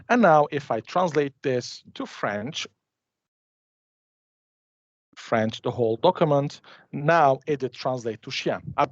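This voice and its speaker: Man demoing software, dull audio. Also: mid-range voice, no room sound. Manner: chatty, restarts and hesitates while clicking through a demo. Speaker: conference presenter. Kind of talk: live software demo.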